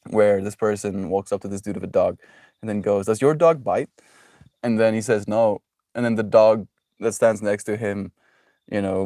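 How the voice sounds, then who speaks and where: A man's voice: fairly low pitch, a little mellow, dry recording, clean studio sound. A young man chatting casually on a live stream, reading chat messages aloud and laughing often in a joking way.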